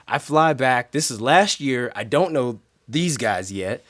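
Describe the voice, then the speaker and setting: A man in a band telling a story in an interview, lively, with big swings in pitch and volume. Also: a little slow. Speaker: band member.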